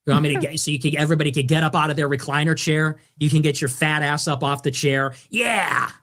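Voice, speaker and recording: A man's voice: little pitch movement, fast, a bit bright. A man ranting sarcastically on a livestream, sneering and dismissive as he talks. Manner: sneering, sarcastic, swings up and down in pitch. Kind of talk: clipped livestream rant.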